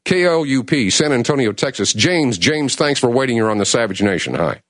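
A man hosting a call-in talk radio show, speaking with urgent, emotional passion that swings between loud and hushed. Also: mid-range voice, big pitch swings, brisk, no echo, studio quality. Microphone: studio mic.

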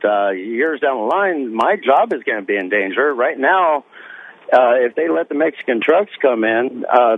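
A man calling in to a radio show, talking plainly and hesitantly about his worries. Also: medium pitch. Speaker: caller, long-haul truck driver. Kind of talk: call-in radio talk. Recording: tinny phone line.

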